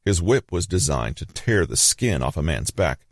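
A man reading a scripted Bible story as narrator, measured and grave, with dramatic pauses. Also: low-pitched, big pitch swings, creaky, dry recording, studio quality.

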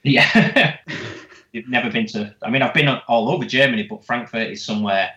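A man speaking in a relaxed way during a casual podcast chat. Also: medium pitch, moderate pace. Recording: roomy, dull lo-fi audio.

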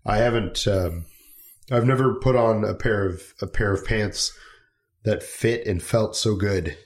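A man co-hosting a podcast in casual chat, talking in a relaxed, agreeable way with plenty of fillers and restarts. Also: fairly low pitch, a little slow. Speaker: podcast co-host.

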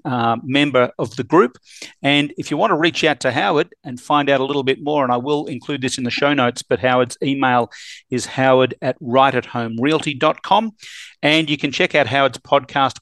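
Australian male podcast host, friendly banter, mid-pitched, close dry mic. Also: fairly bright tone, dry recording. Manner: friendly, joking, quick to agree. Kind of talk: casual interview chat.

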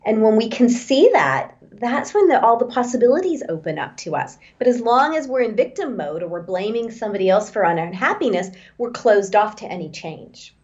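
A woman's voice: fairly high pitch, sing-song, brisk, hardly any pauses, darkish tone. Earnest woman guest on a dull line. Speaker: author, podcast guest. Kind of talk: interview answers.

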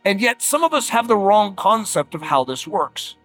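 A man preaching a sermon, emphatic and conversational, slowing down for dramatic words and dropping quiet at times. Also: high voice, faint music behind. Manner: animated, emphatic, with dramatic slowdowns and quiet drops; conversational fillers like "like" and "uh".

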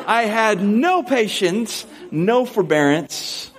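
A young adult man preaching a sermon as a pastor, telling a funny personal story with animated, self-mocking delivery before turning to scripture. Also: on the high side, measured pace, hardly any pauses.

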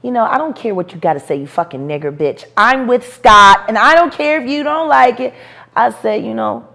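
A woman in her forties, an interview guest, telling stories in a brash, profane, animated way with bursts of laughter. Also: fairly high pitch, moderate pace, gravelly. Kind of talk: storytelling interview.

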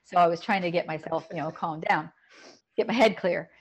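A middle-aged woman telling a painful personal story in a podcast conversation, emotional and halting, often repeating words. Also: lowish voice, slightly rough. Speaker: podcast guest.

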